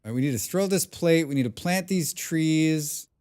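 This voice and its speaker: A man's voice: a little high, normal speed, darkish tone, smooth. A man talking casually on a live game stream, rambling and thinking aloud with many restarts and the odd swear. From abroad, lives outside his birth country. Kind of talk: casual live-stream chat while gaming.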